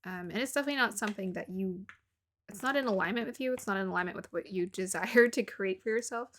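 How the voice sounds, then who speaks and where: A woman's voice: mid-range voice, quick pace, a bit bright, a little hiss or hum. A woman giving a casual tarot reading to her viewers, musing aloud, laughing often and sometimes dropping to a murmur. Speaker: tarot reader.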